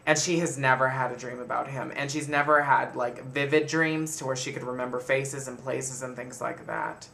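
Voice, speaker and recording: A man casually telling a personal story to the camera in a chatty, animated way. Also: medium pitch, normal speed, vocal fry, hardly any pauses, slight background noise. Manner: chatty, animated retelling with frequent laughs. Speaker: vlogger.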